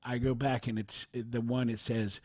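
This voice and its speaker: A man's voice: mid-range voice, little pitch movement, no room sound, clean studio sound. A man hosting a podcast, carefully reading out a listener's account and reading its formatting cues aloud, then commenting thoughtfully with a few fillers. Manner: thoughtful, halting remarks with fillers. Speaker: podcast host.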